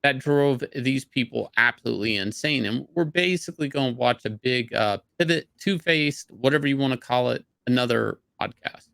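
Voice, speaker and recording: A man's voice: medium pitch, moderate pace, creaky, a bit bright, dry recording. A man hosting an opinionated commentary show, building his argument in an emphatic, speculative way. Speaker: commentary host.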